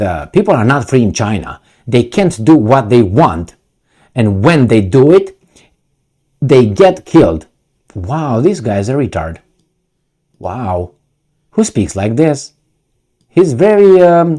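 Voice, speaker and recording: A man's voice: medium pitch, darkish tone. A man reading a news article aloud and breaking off into combative, sarcastic commentary, often losing his words and restarting. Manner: combative, sarcastic, heated asides. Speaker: political commentator.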